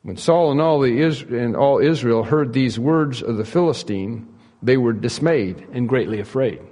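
A man preaching a sermon, telling the story in a folksy, humorous way with many fillers and pauses. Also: mid-range voice, warm tone, in a large hall. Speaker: pastor.

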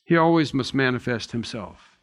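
A man's voice: mid-range voice, expressive, moderate pace, long reverb tail. A man preaching an expository sermon in a conversational, reflective way, often restarting and adding asides.

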